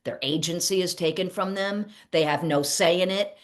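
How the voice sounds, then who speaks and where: Woman, middle-aged, therapist, casual teaching, lowish voice, animated, acts out quotes. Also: normal speed. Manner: animated, acts out little quoted exchanges, laughs at herself. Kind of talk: casual teaching talk to camera.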